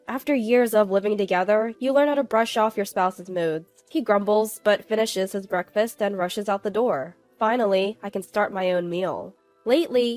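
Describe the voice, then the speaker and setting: Woman calmly narrating a family story. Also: mid-range voice. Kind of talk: scripted first-person narration.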